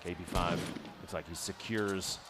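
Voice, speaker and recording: A man's voice: low-pitched, fairly even intonation, normal speed, very noisy. A man giving analytical color commentary at an esports tournament, quoting scores and rules. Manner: analytical, stat-focused, calls the numbers.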